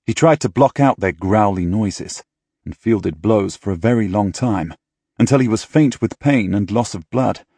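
A man reading an audiobook in measured, dramatic storytelling style, close to a studio mic. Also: lowish voice, a little mellow, slightly rough, dry recording. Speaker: audiobook narrator. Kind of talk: scripted audiobook narration.

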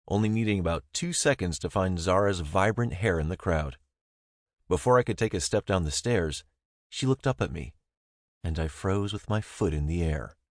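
A man's voice: low voice, no echo, studio quality. A young man reading a first-person novel aloud in a wry, easygoing way. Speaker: narrator. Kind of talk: first-person audiobook narration.

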